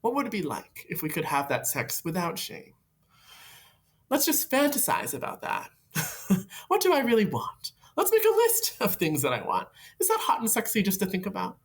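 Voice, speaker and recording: A woman's voice: medium pitch, huge pitch swings, moderate pace. A woman hosting an advice video, talking reflectively and playfully to camera and laughing often. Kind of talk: casual advice talk to camera.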